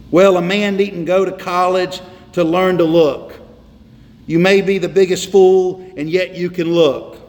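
A man's voice: high-pitched, fairly even intonation, unhurried, a little mellow. A man preaching a sermon from the pulpit, emphatic and repetitive, hammering on single words. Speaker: pastor. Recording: reverberant hall with faint noise.

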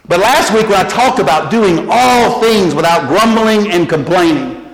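A man preaching a sermon as pastor, animated and repeating key phrases. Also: high voice, brisk, few pauses. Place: church sanctuary. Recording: echoey church hall.

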